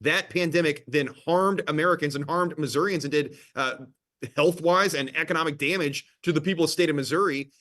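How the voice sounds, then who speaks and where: Measured, formal man being interviewed. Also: fairly high pitch, fairly bright tone. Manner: measured, formal, with filler pauses. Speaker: state attorney general, guest. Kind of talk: interview answers.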